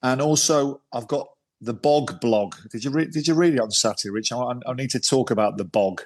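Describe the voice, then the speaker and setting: A man's voice: medium pitch, fairly quick. Chatty man teasing his co-host. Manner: joking, teasing banter with frequent "mate". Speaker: podcast host. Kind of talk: casual chat. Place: remote call from abroad.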